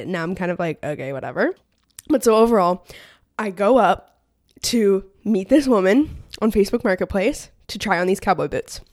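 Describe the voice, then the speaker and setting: A woman's voice: mid-range voice, a little mellow. A young woman talks through a casual solo podcast episode with a bubbly, rambling energy, her speech full of filler words. Her voice is close and dry on a podcast microphone, with no room echo behind it. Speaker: podcast host. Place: home room. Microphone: podcast mic on stand.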